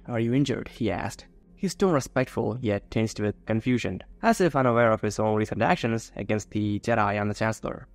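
A man's voice: medium pitch, dry recording. A man narrating a science-fiction fan-fiction story in a scripted, dramatic storytelling manner. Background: faint music.

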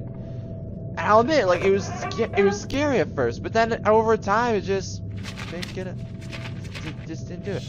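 A man's voice: high-pitched, animated, moderate pace, pauses often, highs cut off. A young man giving rambling, jokey commentary while playing a horror game, slipping into playful silly voices. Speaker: gaming YouTuber. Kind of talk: casual let's-play commentary. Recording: music playing underneath.

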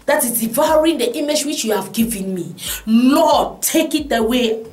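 A woman preaching, then leading an impassioned prayer that rises to shouts, repeating "oh God". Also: a little high, lively intonation, normal speed. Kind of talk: sermon and fervent prayer. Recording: echoey room with music behind.

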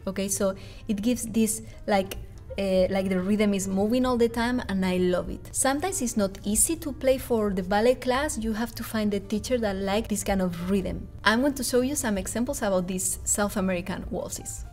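A woman's voice: medium pitch, moderate pace, darkish tone. A woman from Spain with a Spanish accent, explaining and counting rhythms as a ballet class pianist in a music tutorial.

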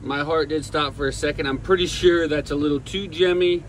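A man's voice: fairly high pitch, fairly even intonation, a little fast, recorded from a distance, a little hiss or hum. A man on a rocky ocean beach, talking plainly and easily about what he has found. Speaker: rockhounding partner. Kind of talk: casual off-camera talk.

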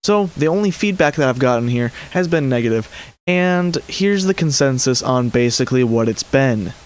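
A man's voice: medium pitch, lively intonation, moderate pace. A man hosting a hobby channel, giving an exasperated, rambling commentary and often correcting himself mid-sentence. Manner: frustrated, exasperated. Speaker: 3D printing channel host. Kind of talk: commentary rant to camera.

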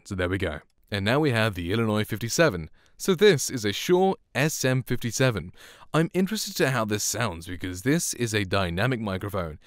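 Low-voiced man casually demoing microphones. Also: lively intonation, fast, no echo, studio quality. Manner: rambling, chuckles often, self-deprecating. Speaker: host reviewing microphones. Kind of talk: casual product demo. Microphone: studio condenser microphone.

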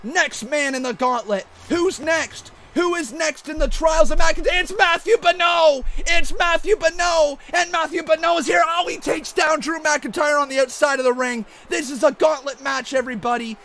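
A man doing mock wrestling play-by-play commentary over a video game, excitable and often shouting. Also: very high-pitched, normal speed, hardly any pauses. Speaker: gaming YouTuber.

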